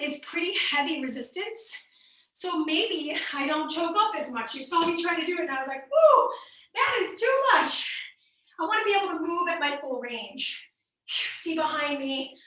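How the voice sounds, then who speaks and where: A woman's voice: sits high, pushed and bright. A woman fitness instructor with a light Midwestern accent, leading a workout class and coaching upbeat and encouraging while she exercises. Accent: Midwestern American. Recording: echoey room, mic at a distance.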